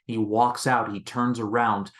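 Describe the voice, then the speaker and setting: Host of a casual movie review channel, a man with a slightly low voice, rambling style full of restarts. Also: little pitch movement, measured pace, fairly bright tone. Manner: rambling, leans on "basically" and restarts.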